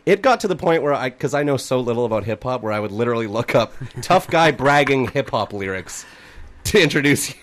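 A man's voice: mid-range voice, lively intonation, brisk. A man co-hosting a casual comedy podcast, playful and teasing, often laughing. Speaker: co-host.

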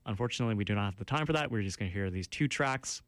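Man, campus radio host, low voice, dry close studio sound, rambling and self-mocking. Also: lively intonation, very fast, a bit bright, dry recording. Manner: rambling, self-deprecating, many fillers and restarts. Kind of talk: casual radio show chat. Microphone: studio mic.

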